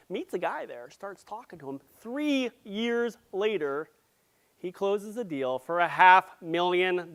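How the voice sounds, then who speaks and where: High-voiced man giving a lively keynote. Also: clean tone. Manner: playful, jokey, quick asides to the audience; grows loud and excited as he goes. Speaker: conference speaker. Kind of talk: live keynote presentation.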